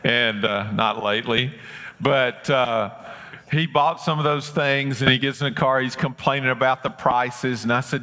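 A man's voice: mid-range voice, moderate pace, sharp tone. A man preaching a sermon, telling a childhood story in a folksy way and acting out the voices of the people in it. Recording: long hall reverb.

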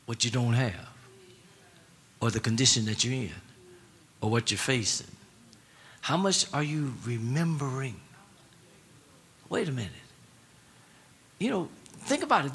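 A man's voice: a little high, a bit bright, slightly rough. A man preaching a sermon in a casual, colloquial way, repeating his words and prompting the congregation to answer back. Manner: repetitive, call-and-response prompts to the congregation.

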